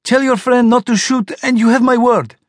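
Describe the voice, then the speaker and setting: A man voicing a giant death worm that pleads and bargains in a high, strained voice. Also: steady tone, moderate pace, no echo, studio quality. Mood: bargaining.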